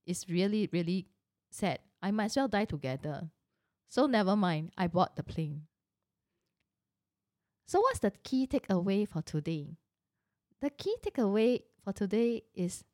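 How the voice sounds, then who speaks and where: A woman's voice: medium pitch, darkish tone, no room sound, clean studio sound. A middle-aged woman telling a personal story in a casual, chatty way, full of rhetorical questions and asides.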